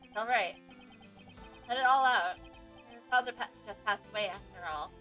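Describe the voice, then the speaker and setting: A woman streamer voicing a stiff, earnest male prosecutor in a formal, measured and slightly dramatic way. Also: mid-range voice, bright, forceful tone, faint music behind, lightly acted. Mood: brooding. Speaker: streamer voicing game dialogue.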